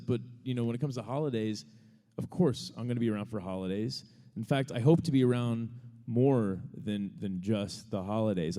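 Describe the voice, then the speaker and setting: A man's voice: lowish voice, warm tone. Casual man telling a story in a reverberant hall. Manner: casual, rambling, self-deprecating, laughing often. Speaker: podcast co-host answering audience questions. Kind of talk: live storytelling answer on stage. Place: large venue before a live audience.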